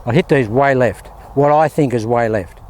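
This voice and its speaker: Golf coach, Australian man, mid pitch, relaxed and upbeat, chatting outdoors on a windy range. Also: moderate pace. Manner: chatty, upbeat, keeps calling viewers "guys". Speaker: golf instructor. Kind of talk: casual on-course golf instruction.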